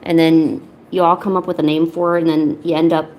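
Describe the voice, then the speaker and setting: A woman's voice: low voice, flat delivery, a little fast, dull audio, slight background noise. A woman chatting casually at home while painting, slipping into playful baby talk with her cats and teasing them. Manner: teasing, chatty, laid-back. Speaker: art streamer.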